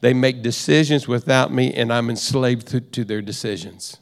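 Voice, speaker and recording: Give me a subdued, regretful wife confessing in a low, soft voice, as a male preacher quotes her. Her words trail off quietly, and a long reverb hangs behind them in a big hall. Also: moderate pace, natural voice. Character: middle-aged wife, angry, then repentant.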